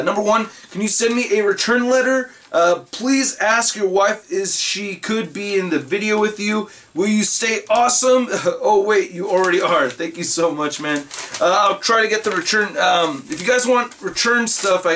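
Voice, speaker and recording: A man's voice: high-pitched, pushed and bright, slight background noise. A man vlogging casually while opening fan mail, chatty and rambling with lots of fillers. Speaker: collectibles vlogger.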